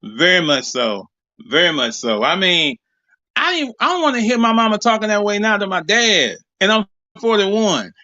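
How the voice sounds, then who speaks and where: A man's voice: high voice, sing-song, moderate pace, sharp tone, dry recording, dull audio. A man in his forties calling into a live show, talking casually and animatedly with laughs. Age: 40s. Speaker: caller. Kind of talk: casual chat.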